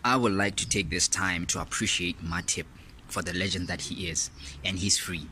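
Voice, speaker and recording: A man giving an excited fan review of a football match, laughing often and repeating himself as he gets carried away. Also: low voice, normal speed, slight background noise.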